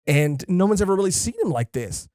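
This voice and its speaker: Excitable profane podcast co-host man. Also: sits high, fairly quick, no echo, studio quality. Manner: excitable, profane, rambling with many fillers. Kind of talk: casual chat.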